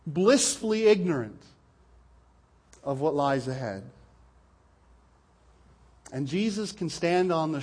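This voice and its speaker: Male preacher delivering a sermon, slightly higher voice, earnest, repeats words for emphasis. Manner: earnest, repeats words when stressing points.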